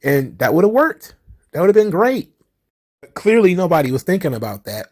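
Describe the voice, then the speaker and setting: A man's voice: high-pitched, sing-song, a little fast, a little mellow. A man hosting his own wrestling commentary channel, giving blunt, profane opinions in a casual talking style. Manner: blunt and profane, mocking acted-out exchanges.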